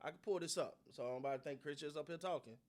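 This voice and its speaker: A man's voice: a little high, fast talker. A man hosting his own sports channel, talking casually to his viewers and giving his opinions in a loose, slangy, repetitive way. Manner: animated, repetitive, slangy, talks to the audience. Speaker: sports commentary host.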